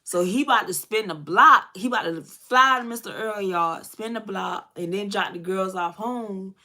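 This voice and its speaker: A woman's voice: medium pitch, normal speed, pushed and bright. A woman in her thirties telling a story casually to her viewers while doing her makeup, talking straight to them and cursing freely. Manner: chatty, addresses viewers as y'all, profane. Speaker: beauty vlogger.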